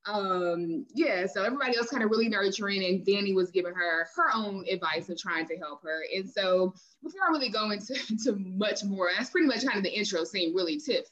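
A woman's voice: mid-range voice, expressive, a little fast, hardly any pauses, fairly bright tone. A woman hosting a podcast in casual recap chat, chatty and laughing often as she retells scenes. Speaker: podcast host. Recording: dull lo-fi mic.

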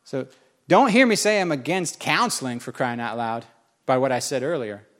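A man's voice: mid-range voice, normal speed, fairly bright tone. A man preaching a sermon, telling a personal story with self-mocking humor and emphatic repetition. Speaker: pastor.

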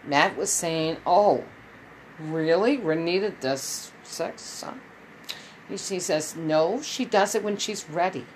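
A woman's voice: on the low side, slow pace, slight background noise, rough recording. A woman telling her viewers a long personal story in a casual, rambling way, with many restarts and quoted dialogue. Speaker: vlogger.

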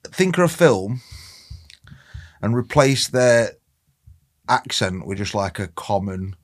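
A man's voice: fairly low pitch, expressive, slow. A young English man co-hosting a podcast, swearing and laughing through casual banter. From England. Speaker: podcast co-host. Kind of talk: casual chat.

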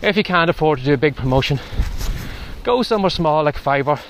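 Man, casual walking vlog, chatty advice, out of breath, higher pitch, faint outdoor noise. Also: expressive, brisk. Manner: chatty, advisory. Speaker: podcast host. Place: outdoors in strong wind and rain.

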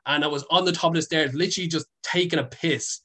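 A young Irish man, a content creator appearing as a guest, tells rambling stories packed with fillers and swearing. His voice is on the high side, steady, bright and forceful, and he talks at a quick pace.

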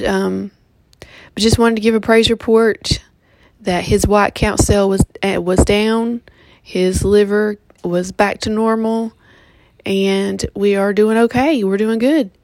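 Flat, gravelly-voiced woman talking straight into a dry mic. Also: mid-range voice, dry recording. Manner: halting, many ums and restarts. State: just woke up, yawning. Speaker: vlogger giving a pet health update. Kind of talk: casual update vlog.

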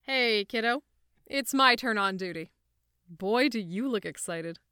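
Hearty pushy boss angel, bouncy lively voice, smooth and clear. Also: female voice, medium pitch, measured pace, no echo, studio quality. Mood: breezy. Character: cheery overbearing male archangel boss.

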